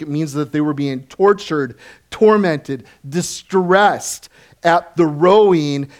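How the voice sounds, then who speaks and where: A male pastor delivers a sermon in a fairly high-pitched voice. He preaches in an animated way, keeps asking the congregation questions, and lets out frequent chuckles.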